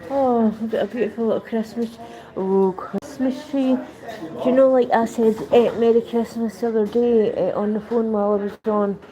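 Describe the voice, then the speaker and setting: This Scottish woman wanders the street and pops into shops while livestreaming, her chat rambling and drifting off mid-sentence. A little high and steady in tone at a moderate pace, her voice is caught in poor audio with crowd noise, street sounds, and passing traffic.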